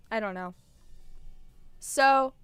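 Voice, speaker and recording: A woman's voice: sits high, pushed and bright, no room sound. A woman streamer rambling in casual live-stream chat, irreverent and swearing freely.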